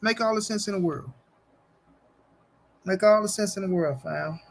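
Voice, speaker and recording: A man's voice: high-pitched, moderate pace, gravelly. A man hosting a casual boxing livestream, talking straight to his chat in slang and repeating his phrases for emphasis. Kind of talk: casual livestream chat, reading viewer comments.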